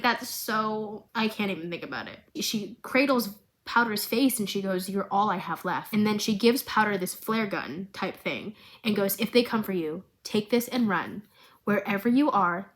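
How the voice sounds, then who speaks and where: A young woman vlogger recapping a TV series in a dramatic, chatty way, full of asides. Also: mid-range voice. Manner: animated, dramatic, laughing asides.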